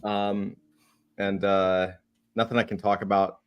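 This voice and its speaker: A man co-hosting a casual podcast chat in a relaxed, easygoing way. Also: on the low side, unhurried, smooth, highs cut off. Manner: relaxed, laid-back with fillers. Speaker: podcast co-host.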